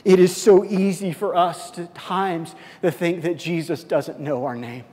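A man's voice: on the high side, fairly even intonation, measured pace. Impassioned preacher man in a reverberant hall. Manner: impassioned preaching, swinging between loud and hushed. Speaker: pastor. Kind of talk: sermon.

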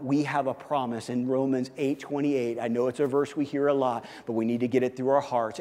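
A male pastor preaching a sermon, moving from loud, punchy emphasis to quiet, earnest intensity. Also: medium pitch. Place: church sanctuary. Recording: long church reverb.

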